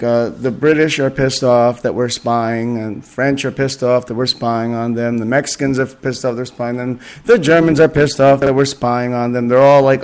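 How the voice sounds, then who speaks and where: A man's voice: mid-range voice, clean tone. A man hosting a podcast, talking in a casual, sarcastic monologue with lots of uh's and um's. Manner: sarcastic, rambling, full of fillers. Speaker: podcast host.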